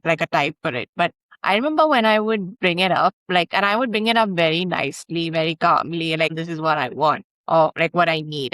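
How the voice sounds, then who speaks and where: A woman's voice: on the low side, dry recording, poor audio. Thoughtful woman with many fillers. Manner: thoughtful and searching, lots of "like" fillers, soft laughs. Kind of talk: casual conversational talk.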